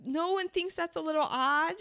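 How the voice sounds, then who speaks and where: Woman, casual co-host, lively storyteller, higher voice. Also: a little slow. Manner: animated, acts out lines from the film, laughs often. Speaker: co-host discussing a war film. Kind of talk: casual chat.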